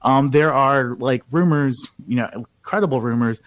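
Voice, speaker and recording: A man's voice: medium pitch, normal speed, dry recording. A man talking casually about state politics as a reporter guest, emphatic and full of fillers. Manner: filler-heavy, emphatic, gossipy.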